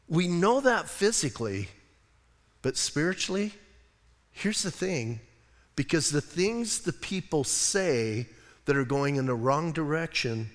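A man preaches from the pulpit in a loose, conversational way, repeating "listen" and wandering into joking asides. His voice sits a bit high for a man. Everything carries a long reverb from the church hall. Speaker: pastor. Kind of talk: sermon. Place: church sanctuary.

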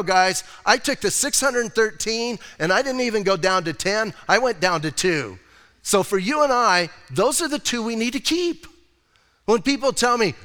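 A man's voice: high-pitched, sharp tone, long reverb tail. A man preaching a sermon as pastor, in a casual, conversational way, acting out quotes as he goes.

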